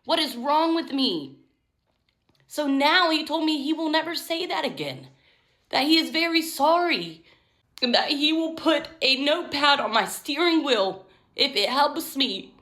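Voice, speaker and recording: Emotional high-voiced woman vlogger. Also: animated, a little slow, a bit bright. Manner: candid, emotional, confessional. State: tearful at times. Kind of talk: emotional personal vlog.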